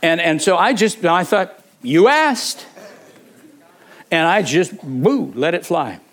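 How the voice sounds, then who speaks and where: A man's voice: on the high side, measured pace. An older man preaching, telling a personal story conversationally, with frequent restarts and acted-out moments. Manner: conversational, with repeated words and fillers; animated, acting out the people in his stories. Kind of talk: sermon storytelling.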